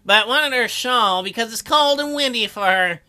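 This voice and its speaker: A man voicing a gruff male sailor with a working-class lilt who talks in a curt, mocking way. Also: extremely high pitch, moderate pace, sharp tone, heavily acted.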